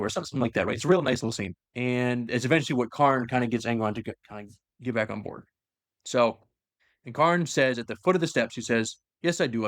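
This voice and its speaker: A podcast host with a mid-range voice casually tells his co-host a long story of lore, getting animated, acting out the quoted lines, and using frequent fillers. The recording is dry and clean, with studio sound.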